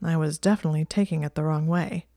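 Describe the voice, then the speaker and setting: A woman's voice: low voice, steady tone, quick pace, mellow, no room sound, studio quality. A woman voicing an exasperated young male wizard with a wry, sardonic manner.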